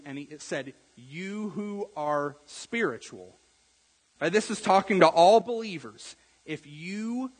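Husky-voiced man preaching in an echoing hall. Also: medium pitch. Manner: earnest preaching, rising louder on key points then dropping soft. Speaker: pastor. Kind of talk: sermon. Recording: long echo of a large hall.

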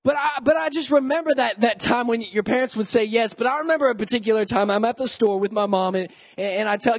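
A young adult man preaching a sermon to youth and college students in a lively, joking, conversational way. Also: sits high, normal speed, in a large hall. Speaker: youth pastor.

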